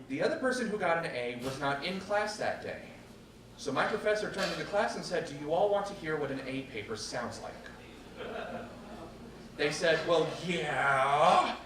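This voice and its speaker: A man telling a true personal story to a live audience, wry and animated, acting out the voices of others. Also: mid-range voice. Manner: animated and wry, acts out quotes. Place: stage at a public storytelling night. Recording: echoey room, distant mic, background noise.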